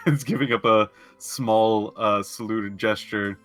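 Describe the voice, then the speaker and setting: A man's voice: lowish voice, sing-song, slow pace, no room sound, soft background music. A man playing a tabletop game, chatting casually in a giggly, tentative way. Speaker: player.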